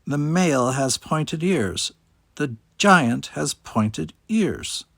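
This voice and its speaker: A man's voice: on the high side, lively intonation, very slow, gravelly, a bit bright, no echo, studio quality, pitched above the performer's own voice, exaggerated voice. A man voicing a haughty, suspicious alien queen.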